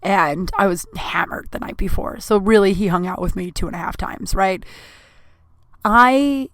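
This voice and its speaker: A woman comedian hosts her own podcast and tells a story in a loose, profane, self-mocking way, full of likes and ums. Her voice sits at a middle pitch. The recording is close and dry, made at a computer in a small room. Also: normal speed, dry recording. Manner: candid, profane, self-mocking, many fillers. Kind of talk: casual storytelling monologue.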